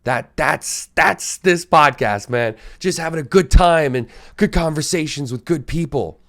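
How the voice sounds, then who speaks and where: A podcast host with a hoarse, sore throat who talks in a half-whisper, rambling casually, swearing and repeating himself as he restarts sentences. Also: on the high side, expressive, a little slow, fairly bright tone. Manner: repeats words and restarts often. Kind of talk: solo podcast monologue.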